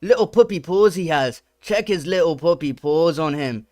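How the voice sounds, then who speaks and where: A man putting on a mock British accent to voice a brash, boastful male fighter ranting online, read out slowly and mockingly. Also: on the high side, lively intonation, warm tone, no room sound, natural voice. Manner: slow, mocking read-aloud.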